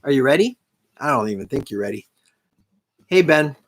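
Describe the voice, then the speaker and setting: A man hosts a live stream in a loose, rambling chat, cracking jokes and putting himself down. His voice sits a little higher than average. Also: very animated, moderate pace, creaky, a bit bright, faint music behind. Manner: rambling, joking, self-deprecating.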